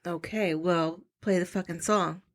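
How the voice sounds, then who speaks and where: A woman's voice: fairly low pitch, steady tone, measured pace, faint music behind. A woman co-hosting a comedy podcast, teasing her co-host and reading out facts and reviews. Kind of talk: casual comedic chat.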